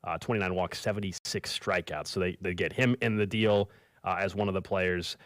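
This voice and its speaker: A man's voice: sits low, fairly even intonation, fairly quick, fairly bright tone, no echo. A man co-hosting a sports radio show, steadily leading the segments. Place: radio studio.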